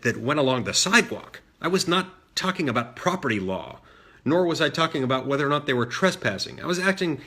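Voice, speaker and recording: A middle-aged man telling a personal story in a measured way, with frequent fillers and restarts. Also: medium pitch, pushed and bright, slightly rough. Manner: measured, many fillers and restarts, mimics voices in quotes. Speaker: senator recounting a childhood story. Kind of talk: storytelling monologue.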